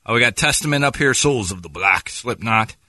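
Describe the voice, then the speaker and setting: Dry-witted radio co-host man, bright tone. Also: medium pitch, animated, brisk, no echo. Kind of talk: casual radio banter, reads sponsor spots.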